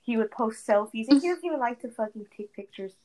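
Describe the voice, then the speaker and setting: Fast and fairly high-pitched, a young woman swaps gossip with a friend mid-game, recounting something dramatic with lots of "like" and plenty of swearing. The low-quality audio has faint background noise, and her delivery is lively and animated.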